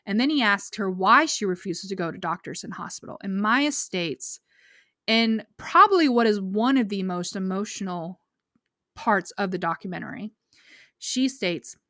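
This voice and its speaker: A woman's voice: mid-range voice, lively intonation, moderate pace, bright, forceful tone, dry recording, clean studio sound. A woman co-hosting a podcast, earnestly recapping a documentary and reading quotes aloud in a casual way. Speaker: podcast co-host.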